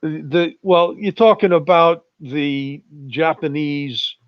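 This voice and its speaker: Slow-talking man on a muffled voice chat. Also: on the high side, clear, resonant tone, dry recording. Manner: slow, drawling storyteller, chuckles often. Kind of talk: casual chat.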